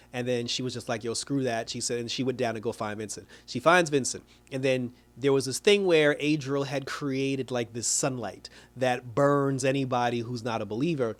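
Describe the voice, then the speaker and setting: A man with a middle-pitched voice retells a TV episode in loose, chatty speech. He laughs often and slips into quoting the characters as he goes. The delivery is casual and lively, like a reviewer talking straight to his viewers. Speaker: TV show reviewer.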